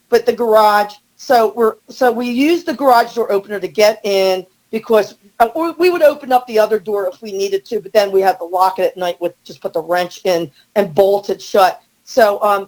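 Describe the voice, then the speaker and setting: A middle-aged woman telling a story as a podcast guest, animated and acting out the quotes. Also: rough recording. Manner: animated, acts out quotes with rising pitch. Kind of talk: storytelling in casual chat.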